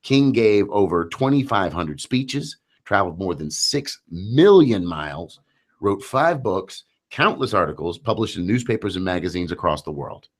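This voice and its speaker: Deep-voiced male radio talk show host. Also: sing-song, normal speed. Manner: chatty, storytelling, acts out voices in anecdotes.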